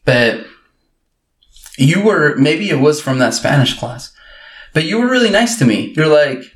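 A man's voice: a little high, very animated, measured pace, long pauses. A man from Uruguay, a podcast co-host, chatting casually and laughing often as he tells self-mocking stories. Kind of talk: casual chat. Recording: roomy echo.

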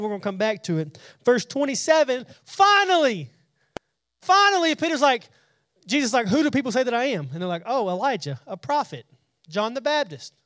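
This man speaks at an extremely high pitch, recorded at studio quality with no room sound. Leading a relaxed Bible study, he chats along, frequently restarting and repeating words while putting scripture into plain, everyday terms.

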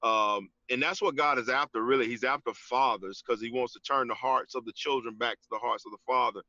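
Man, halting and heartfelt. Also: mid-range voice, fairly even intonation, pushed and bright, dry recording, highs cut off. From Georgia, US. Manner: halting, many restarts and fillers, says "man" often. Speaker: interview guest. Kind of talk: casual testimony in an interview.

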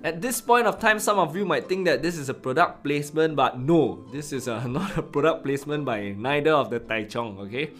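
A man's voice: a little high, animated, fairly quick, few pauses, a bit bright, soft background music. A man with a Singaporean English accent hosting a podcast, telling casual, self-deprecating stories in a chatty, colloquial way. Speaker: podcast host. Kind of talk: casual storytelling monologue.

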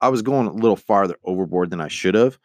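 A man's voice: sits low, quick pace, no room sound. A man casually telling a rambling personal story, acting out the people in it. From United States. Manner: rambling, animated, acts out quoted voices; swears casually. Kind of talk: casual spoken anecdote.

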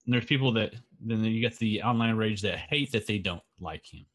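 A man's voice: on the low side, normal speed, a bit bright. An American man co-hosting a casual podcast, rambling with many fillers. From United States. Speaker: podcast co-host. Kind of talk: casual chat.

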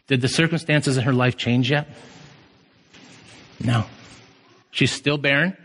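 A pastor preaching a passionate sermon, his voice surging up to loud shouts of emphasis. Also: a little high. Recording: long hall reverb.

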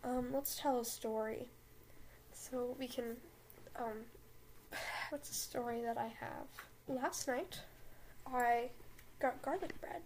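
A young woman hosts a podcast in a casual, jokey way. Her high voice keeps cutting itself off with nervous giggles and flustered asides. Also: a little mellow, slight background noise. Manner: giggly, self-interrupting, flustered. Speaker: podcast host. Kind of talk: casual comedic reading.

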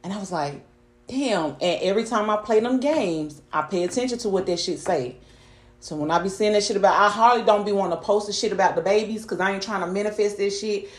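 A woman's voice: mid-range voice, fast. A young woman hosting a podcast, talking bluntly and profanely in casual storytelling chat. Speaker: podcast host. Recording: roomy echo.

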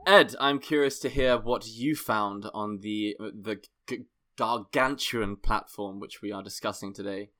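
A man's voice: lowish voice, measured pace, sharp tone. A man co-hosting a podcast, joking and reading reviews aloud in casual chat. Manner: jokey, reads listener reviews aloud. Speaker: podcast co-host.

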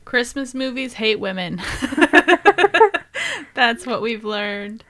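Bright-voiced young woman, wry and offhand. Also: a little high, a little slow. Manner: wry, offhand, laughing asides. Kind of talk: casual podcast discussion of a film.

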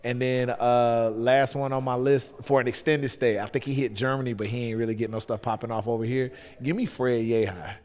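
A man's voice: mid-range voice, fairly even intonation, a little fast, few pauses, a little mellow. A man with a Southern US accent chatting casually as a podcast guest, rambling with lots of fillers and restarts. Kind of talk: casual chat. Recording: long hall reverb.

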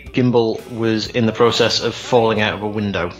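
A man's voice: lowish voice, fairly even intonation, fairly quick, highs cut off, music in the background. Joking male player chatting casually. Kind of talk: casual podcast banter.

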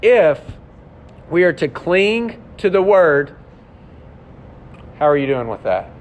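A man's voice: sing-song, takes it slowly. A man, a pastor, preaching a sermon in a conversational, confessional way, with rhetorical questions to his congregation. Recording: slightly muffled sound with faint rumble.

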